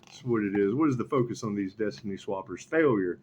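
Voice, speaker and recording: A man giving solo spiritual tarot commentary, excitable and repetitive, swinging from low mutters to loud exclamations and swearing casually. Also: fairly quick. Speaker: tarot reader.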